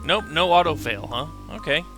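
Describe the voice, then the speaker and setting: A man hosting a let's play, explaining the game step by step in a relaxed, casual way. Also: on the high side, normal speed. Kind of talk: casual gameplay commentary. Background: game music.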